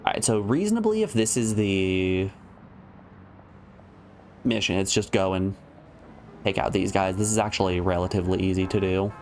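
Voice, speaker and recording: A man's voice: sits low, expressive, moderate pace, long pauses, a little hiss or hum. A man streaming a video game, joking and thinking aloud in casual commentary.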